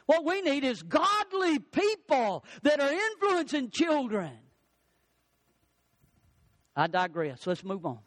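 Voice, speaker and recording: Middle-aged guy preaching, really high voice, dry close sound, jumps up and down in pitch. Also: wildly swooping pitch, slow, pauses often, fairly bright tone, no echo. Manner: preaching with sudden swings in pitch and pace. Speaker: pastor. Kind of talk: sermon.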